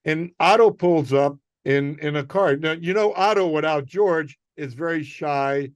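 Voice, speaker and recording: An older male comedian telling a rambling, animated anecdote on a podcast. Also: fairly high pitch, measured pace, no echo, dull audio. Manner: rambling, animated storytelling with restarts and acted quotes. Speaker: guest comedian.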